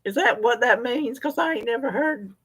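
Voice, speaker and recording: Her voice is fairly high, husky and expressive, moving at a normal speed as this Southern livestream host from North Carolina chats with her audience. She talks back to viewer comments in a relaxed, folksy way and is quick to laugh.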